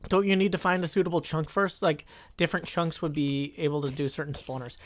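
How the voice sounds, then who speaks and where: A man with a slightly high, steady voice talks fairly quickly while livestreaming a game. His casual commentary is full of thinking aloud and self-interruptions, and he reads and answers chat along the way.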